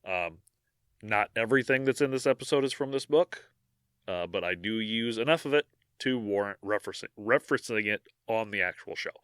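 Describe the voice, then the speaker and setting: A man with a bright, forceful voice co-hosts a casual podcast. He moves between loose chat and reading out a history segment, with fillers and false starts along the way. The sound is dry and close. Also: on the low side, a little fast, clear, resonant tone, dry recording. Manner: reads the history part, with fillers and restarts between. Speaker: podcast co-host.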